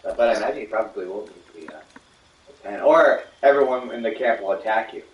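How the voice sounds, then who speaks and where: A man chatting casually while playing a video game, relaxed and restarting his sentences often. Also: fairly low pitch, fast talker, dull audio. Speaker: game player. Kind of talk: casual gaming chat. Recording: echoey room, mic far off, faint hiss.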